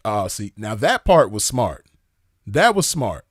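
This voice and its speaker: Male commentator, low voice, relaxed slangy delivery, dry close sound. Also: slow pace, breathy edge, dry recording. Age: adult with a child. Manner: laid-back and slangy, keeps checking in with the listener. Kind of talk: casual commentary reading messages aloud.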